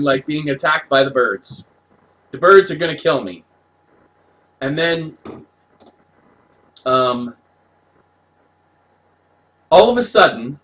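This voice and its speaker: A man from Canada casually telling a personal story, animated, laughing and swearing as he goes. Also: on the high side, low-quality recording.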